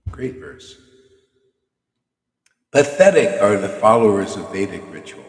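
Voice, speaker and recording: Animated slangy man preaching. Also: lowish voice, a little slow. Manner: animated, slangy, teasing, laughs often. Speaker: spiritual teacher hosting a chanting session. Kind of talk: casual preaching talk on a livestream.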